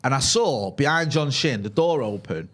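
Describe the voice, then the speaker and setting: A man's voice: medium pitch, animated, moderate pace, a bit bright. Chatty man hosting a stream. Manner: chatty storyteller, tags lines with "right?". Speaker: co-host of a fan channel. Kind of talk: casual live-stream chat.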